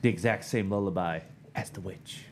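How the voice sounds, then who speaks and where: A man casually telling a scary story with friends, animated and quick to laugh. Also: sits low, slight background noise.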